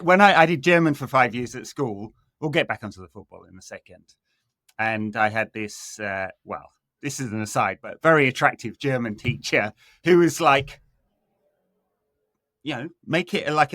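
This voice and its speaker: A man co-hosting a football podcast, wry and measured, drifting into asides. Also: medium pitch, bright, forceful tone, no echo. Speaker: podcast co-host. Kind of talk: casual football chat.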